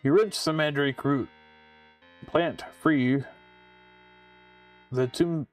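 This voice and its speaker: A man's voice: on the high side, drawn-out words, far from the mic, faint music behind. A man casually commenting on his own game playthrough. He reads the game's text aloud and adds joking asides. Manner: offhand, chatty, joking asides. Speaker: game streamer.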